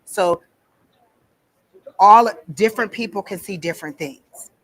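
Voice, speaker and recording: Speaking a little slowly in a medium-pitched voice, a woman gives a casual lesson on psychic reading to a small group. She tells stories in a chatty way, peppered with ums, and the recording is rough.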